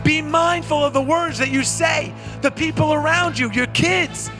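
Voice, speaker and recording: A man giving a storytelling keynote as a motivational speaker, energetic and building rhythm through repetition. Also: very high-pitched, moderate pace, over music.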